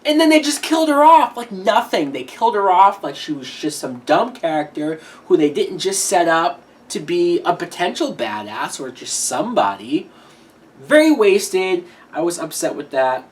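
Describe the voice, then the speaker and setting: A woman's voice: on the low side, sing-song, moderate pace. A woman giving a casual horror movie review, blunt and swearing freely, often laughing as she talks.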